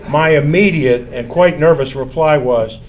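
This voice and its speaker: An older man telling a personal story from his college years in a measured, wry, self-mocking way. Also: fairly high pitch, noisy background.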